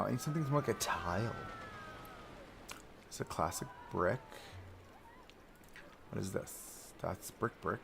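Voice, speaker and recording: Young guy streaming a park build, chatty and jokey, kinda low and gravelly. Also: a little hiss or hum. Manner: chatty, self-talking, joking, mock-frustrated with the game. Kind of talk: casual live-stream commentary.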